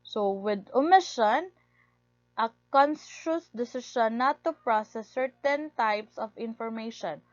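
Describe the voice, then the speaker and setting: A woman's voice: a little high, a little slow, no echo. A woman giving a recorded lecture, reading steadily from her notes and stressing key words. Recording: dull lo-fi recording, dry.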